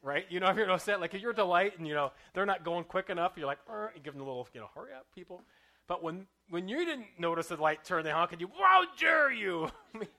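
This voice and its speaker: A man's voice: high voice, rapid-fire, pushed and bright. A man preaching a sermon in a conversational, self-mocking way, often checking in with "right?" and drawing out scripture lines for emphasis.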